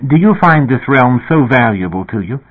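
A man with a husky voice voicing a mysterious young girl who speaks calmly and cryptically. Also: mid-range voice, moderate pace, voice pushed up. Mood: cryptic calm. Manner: calm, teasing, cryptic. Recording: tinny phone-like sound.

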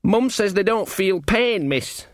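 A man's voice: high voice, lively intonation, takes it slowly, dry recording, clean studio sound, pitched above the performer's own voice. A man voicing a nervous, injured young man who hesitates and stammers.

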